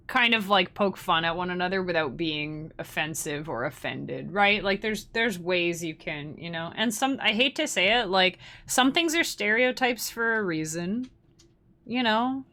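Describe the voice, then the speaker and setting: A woman's voice: on the low side, measured pace, bright, forceful tone. A young woman, hosting a livestream in casual, rambling chat and laughing often. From Canada. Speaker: livestream host.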